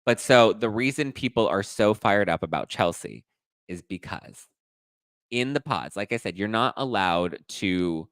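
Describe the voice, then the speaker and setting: Guy doing a gossip podcast, super animated and sassy, lowish voice, dry close mic. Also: measured pace, clear, resonant tone, no room sound. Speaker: podcast host. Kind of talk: casual gossip commentary.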